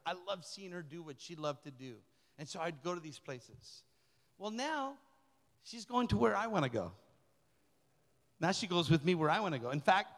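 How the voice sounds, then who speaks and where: A middle-aged man, a pastor, delivering a lively, colloquial sermon that repeats key phrases. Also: fairly high pitch. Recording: long reverb of a large hall.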